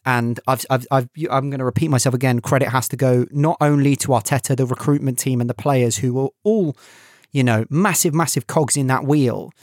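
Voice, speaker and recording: A man co-hosting a casual football podcast, halting and searching for words as he talks. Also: medium pitch, fairly even intonation, dry recording, studio quality. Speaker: podcast co-host.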